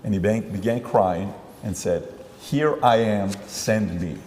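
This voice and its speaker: A man with a fairly low voice hosts a podcast, rambling conversationally and acting out little scenes of dialogue. His voice carries a long reverb, with faint ambient noise underneath. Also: unhurried, darkish tone. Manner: rambling, acts out quoted dialogue. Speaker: podcast host.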